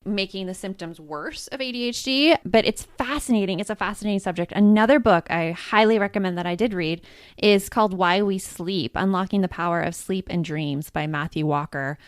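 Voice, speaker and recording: A woman co-hosting a podcast in casual chat, talking in an expressive, laughing way. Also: mid-range voice, fairly quick, clear, resonant tone, no room sound, clean studio sound. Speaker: podcast co-host.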